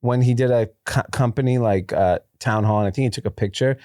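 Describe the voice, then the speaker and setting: A man's voice: mid-range voice, brisk, a little mellow, slight background noise. A man co-hosting a casual podcast, telling loose anecdotes full of swearing and laughter. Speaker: podcast co-host. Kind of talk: casual chat.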